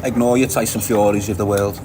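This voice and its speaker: A man with a Liverpool accent hosts a livestream, reading viewer comments in a brisk, lowish voice with fairly even intonation. He chats casually and bluntly, swears often and laughs a lot, with noise in the background.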